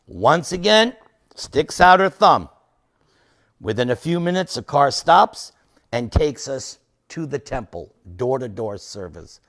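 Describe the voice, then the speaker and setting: Man, 60s, unhurried lecture storyteller who shifts between loud and soft. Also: medium pitch, animated. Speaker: devotee lecturer.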